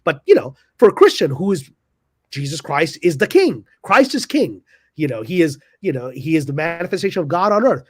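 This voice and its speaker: A man's voice: fairly high pitch, a little fast, slightly rough, no room sound. A man telling a story dramatically as a podcast guest, acting out the people he quotes. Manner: lively, dramatic, voices quoted characters. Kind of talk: animated storytelling in a panel discussion.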